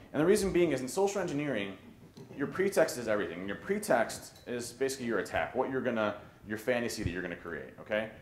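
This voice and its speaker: A man giving a conference talk on social engineering, animated and joking, often restarting his sentences. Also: mid-range voice, a little hiss or hum. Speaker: conference speaker. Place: conference hall. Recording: roomy hall with faint ambience.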